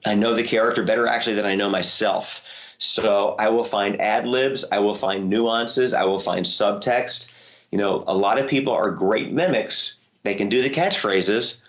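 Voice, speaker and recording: A man, a voice actor, telling stories in a casual interview with a lively manner. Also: moderate pace, muffled recording. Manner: lively, jumps up in pitch when excited. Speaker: voice actor guest.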